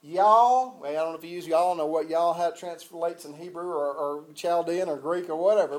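Folksy pastor preaching. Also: male voice, fairly high pitch, moderate pace, few pauses. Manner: folksy, conversational preaching with frequent restarts. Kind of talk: sermon.

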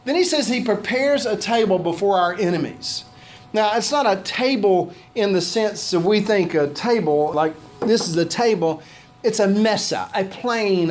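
Animated high-voiced preacher man. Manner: preaching with shifting pitch and pace, animated delivery. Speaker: pastor. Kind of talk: sermon.

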